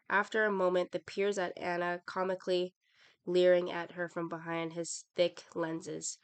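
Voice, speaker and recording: Low gravelly woman reading aloud. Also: steady tone, moderate pace. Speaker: channel host reading a book aloud.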